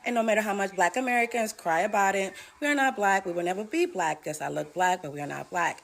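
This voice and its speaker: A woman's voice: medium pitch, vocal fry, slight background noise. A woman from the Dominican Republic speaking in a defiant, insistent tone.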